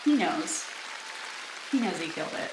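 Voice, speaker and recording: A woman's voice: fairly low pitch, big pitch swings, moderate pace, over a noisy crowd, very noisy. A woman giving a casual, enthusiastic reaction to a performance video and laughing as she talks. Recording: roomy echo with music.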